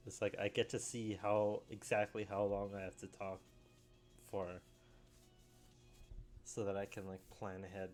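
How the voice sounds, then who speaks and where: A man's voice: lowish voice, monotone, unhurried, long pauses, darkish tone, soft background music. A young man in his late teens rambling casually in a solo vlog, full of fillers and little chuckles. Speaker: vlogger.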